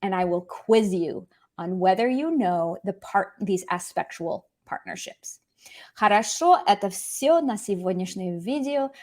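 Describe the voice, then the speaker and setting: Teaching a language online at an unhurried pace, a young woman in a mid-range voice stays animated and emphatic. She frequently goes back over her main points.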